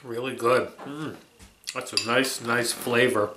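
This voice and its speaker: A man's voice: medium pitch, fairly even intonation, takes it slowly, background noise. Chatty man in an echoey kitchen. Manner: chatty and easygoing, keeps saying alrighty. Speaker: cooking vlog host. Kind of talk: casual cooking vlog chat. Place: home kitchen.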